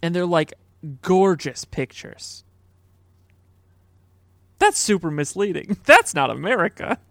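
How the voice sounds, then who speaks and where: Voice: mid-range voice, sing-song, takes it slowly, fairly bright tone, dry recording, studio quality. A podcast co-host in casual, rambling chat, full of "like" fillers. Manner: chatty, rambling, many "like" fillers.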